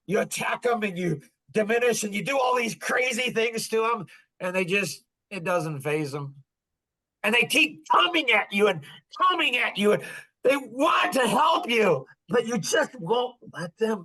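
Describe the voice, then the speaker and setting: An older man hosting a podcast, telling stories to a group in an animated way and acting out quotes with sudden loud bursts. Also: sits high, poor audio. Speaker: podcast host. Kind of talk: storytelling to a live group.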